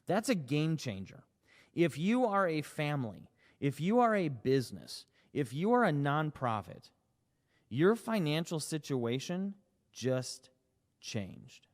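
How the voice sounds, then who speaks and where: A man's voice: medium pitch, long reverb tail. A man giving an emphatic sales presentation, asking rhetorical questions and acting out short dialogues. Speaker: company CEO presenting.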